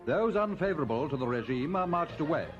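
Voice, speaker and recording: A man's voice: on the high side, animated, brisk. A man narrating an old newsreel in a dramatic, clipped announcer delivery. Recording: dull old newsreel audio with music.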